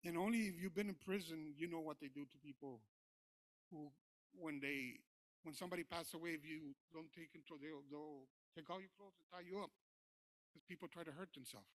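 A man preaching his personal testimony in church, talking informally with many fillers and moving between quiet recollection and loud preaching. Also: fairly high pitch, a little fast, no echo. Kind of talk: sermon testimony.

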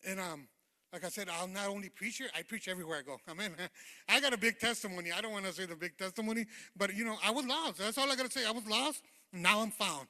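A man's voice: sits high, fast, sharp tone. A man giving a testimony sermon as a lay preacher, fervent and informal, calling out "amen" to the congregation in a church sanctuary. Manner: informal, rambling, with many fillers. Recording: long hall reverb in a church.

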